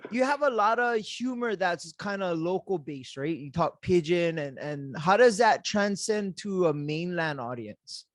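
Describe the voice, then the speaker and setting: A man's voice: high voice, measured pace, few pauses, no echo, clean studio sound. A man hosting a podcast, asking questions in an easygoing, chatty way with lots of fillers and laughter. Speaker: podcast host. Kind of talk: casual interview chat.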